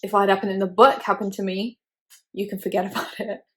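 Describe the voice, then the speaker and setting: A woman's voice: medium pitch, flat delivery, fast, fairly bright tone. A young woman hosting a casual movie reaction video, chatty and opinionated with plenty of "like". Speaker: YouTuber host.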